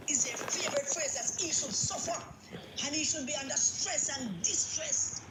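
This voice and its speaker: Here a political commentator, a woman with a fairly high-pitched voice and a Jamaican accent, rants angrily about politics. She's agitated and emphatic, hammering points through repetition, and the recording is reverberant with a noisy background.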